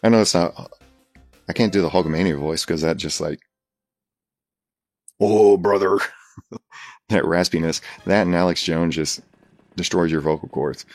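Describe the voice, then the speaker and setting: A man's voice: sits low, steady tone, a little fast, dry recording, faint music behind. A man chatting casually and laughing at himself between comedic bits. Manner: self-deprecating, laughing at himself.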